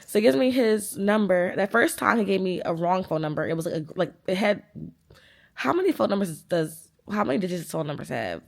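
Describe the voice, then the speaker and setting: A woman in her twenties vlogs a casual storytime, animatedly and profanely retelling an argument and performing the quoted lines. Her voice is gravelly and fairly low in pitch.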